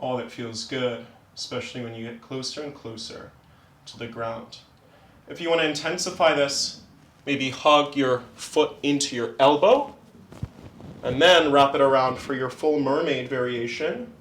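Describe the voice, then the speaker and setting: Calm man guiding a yoga flow. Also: medium pitch, measured pace, roomy sound, a little hiss or hum. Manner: calm, encouraging step-by-step cues. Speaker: yoga instructor. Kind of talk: guided yoga class.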